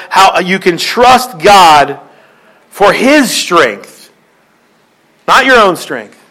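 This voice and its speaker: High-voiced man preaching with rising emphasis. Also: sharp tone, low-quality recording. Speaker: pastor. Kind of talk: sermon.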